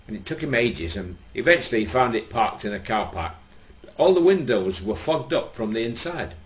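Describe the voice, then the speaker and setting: A male comedian telling stand-up jokes in a somewhat low voice. He tells his stories dry and unhurried and drops in mock-solemn asides.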